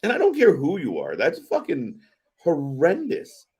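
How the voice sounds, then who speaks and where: A man hosting a live wrestling watch-party stream, giving excitable, profane reaction commentary. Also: on the high side, measured pace, slightly rough. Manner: excitable and profane, swearing often.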